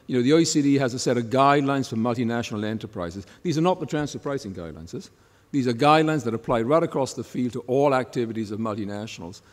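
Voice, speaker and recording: An older man, a tax expert on a panel, explaining at length in a measured way and often checking in with a quick "yes?" or "yeah?". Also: medium pitch. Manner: ends points with tag questions like "yes?". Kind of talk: panel discussion talk. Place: conference hall. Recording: long reverb in a large hall.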